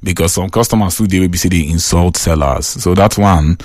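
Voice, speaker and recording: Low-voiced and brisk, a Nigerian-accented man hosts a chatty radio call-in show in a dry, studio-quality recording. He's an animated storyteller who laughs a lot and blends Pidgin into his English.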